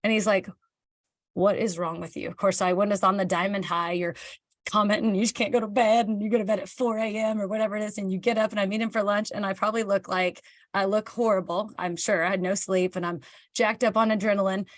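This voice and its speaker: A chatty woman from Kansas gives a candid motivational talk to her team. She answers viewer comments as she goes and acts out dialogue in quotes. Her voice sits at a middle pitch and is recorded close and dry. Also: fairly even intonation, fast talker, no echo. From Kansas, United States. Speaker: team leader hosting a live session.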